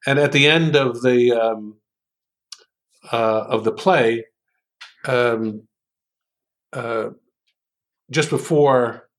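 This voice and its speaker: Brief: man from New York, guest in an interview, unhurried speaker who muses aloud with frequent fillers, mid-pitched voice. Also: fairly bright tone. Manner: unhurried storytelling with many ums. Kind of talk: interview conversation.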